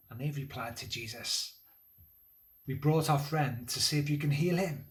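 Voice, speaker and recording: A man in a church role, telling a Bible story to children at a school assembly in a gentle, conversational way with pauses and fillers. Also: mid-range voice. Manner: lively, building energy toward the climax of the story.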